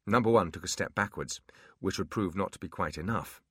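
A man narrating a fantasy audiobook in an expressive storytelling manner. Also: low voice, fairly quick, breathy edge, no room sound, clean studio sound.

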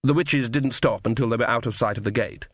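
A man's voice: medium pitch, a little fast, no room sound. A man narrating an audiobook in a wry, dry manner. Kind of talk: scripted narration.

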